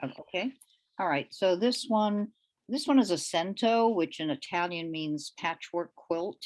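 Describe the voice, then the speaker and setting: A woman giving a poetry reading as the featured poet, delivering her lines in a deliberate, measured way with pauses between them. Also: on the low side, lively intonation, darkish tone. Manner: hesitant, with fillers, when speaking off the page.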